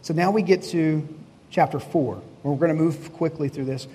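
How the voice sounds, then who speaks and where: High-voiced, husky preacher in a hall. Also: male voice, moderate pace, warm tone. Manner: conversational preaching, asks the congregation questions, voices God and Moses in quotes. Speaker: pastor. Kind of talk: sermon. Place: church hall before a congregation.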